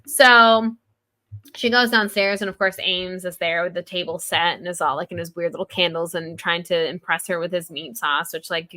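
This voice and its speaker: A woman's voice: on the low side, steady tone, moderate pace, bright, forceful tone. A woman co-hosting a podcast, chatting casually about a book and retelling scenes with lots of "like.". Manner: chatty, heavy use of "like", retells scenes with quoted lines. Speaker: podcast co-host.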